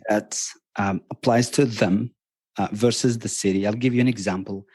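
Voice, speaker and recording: A man's voice: lowish voice, steady tone, moderate pace, darkish tone, husky, no echo. A middle-aged man from Morocco with a Moroccan accent, chatting on a podcast as a travel guest, eager and rambling with many restarts. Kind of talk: casual podcast chat. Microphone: podcast microphone.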